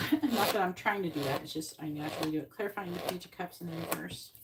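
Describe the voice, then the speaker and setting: A woman's voice: fairly low pitch, a little fast, creaky, heavy background noise. Chatty woman reading tarot cards live. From Florida. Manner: chatty, thinks aloud between card pulls. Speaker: psychic reader.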